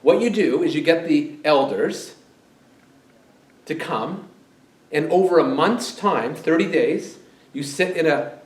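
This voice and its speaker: This male preacher talks to his congregation in a chatty way, filling the sermon with questions. His fairly high voice is animated and unhurried, with frequent pauses, and the sanctuary's echo comes through on a distant microphone.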